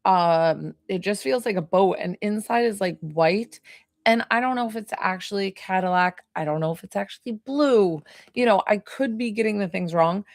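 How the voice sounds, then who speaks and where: A tired woman rambles through a live psychic reading, full of little fillers and trailing thoughts. Her voice has a gravelly fry to it, and the sound is close and dry with no room around it. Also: medium pitch, moderate pace, dry recording. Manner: chatty, rambling, hesitant with fillers. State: tired, yawning. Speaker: psychic medium. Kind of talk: live-stream medium reading.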